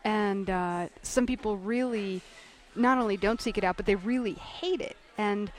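A woman hosting a radio interview, asking measured, clear questions. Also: mid-range voice, a little hiss or hum.

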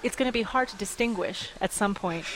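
A woman running an advocacy group, speaking in a radio interview with lively storytelling and frequent laughs. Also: mid-range voice, a little fast, rough recording. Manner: animated storytelling, quotes others, laughs often. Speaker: executive director of an advocacy group.

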